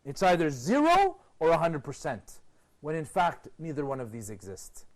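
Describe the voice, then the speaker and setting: A man presenting a TV program, giving an expressive motivational lecture to a group and asking rhetorical questions. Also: normal speed. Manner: expressive, rhetorical questions, sweeping pitch swings.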